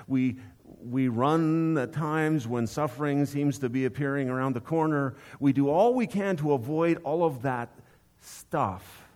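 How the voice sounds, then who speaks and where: A man's voice: mid-range voice, darkish tone. A male pastor delivering a sermon in an easy conversational style, often turning to his listeners with rhetorical questions. His voice sits in a plain mid range for a man. He varies his delivery as he builds a point.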